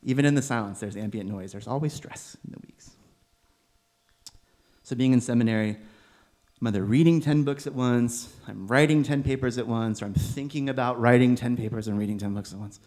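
A young man preaching a sermon in a gentle, conversational way, with bursts of emphatic exasperation. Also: medium pitch, a little fast. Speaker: preacher, seminary student.

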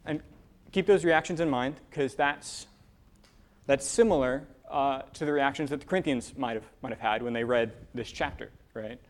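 Halting, casual young-sounding preacher man. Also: medium pitch. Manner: halting, many fillers and restarts. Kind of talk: casual sermon. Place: church with a room of divinity students.

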